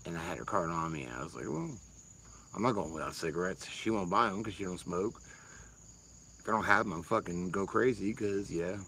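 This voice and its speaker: A man's voice: deep voice, brisk, gravelly, pushed and bright, a little hiss or hum, poor audio. A man, rambling casually and swearing freely on a livestream while answering chat. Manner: rambling, profane, laid-back.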